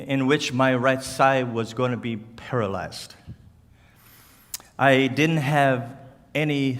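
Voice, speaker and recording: A man from Cape Breton Island with a Cape Breton accent, speaking as a guest at church in a slow, halting way, with slurred words and restarts. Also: mid-range voice, fairly bright tone. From Cape Breton Island, Canada. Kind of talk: church talk to a congregation. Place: church hall. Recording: church hall reverb.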